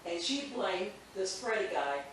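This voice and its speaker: Animated woman storyteller, roomy and distant. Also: medium pitch, measured pace. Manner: animated, laughs often, acts out quotes. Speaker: teacher. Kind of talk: casual storytelling. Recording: echoey room from far off with faint noise.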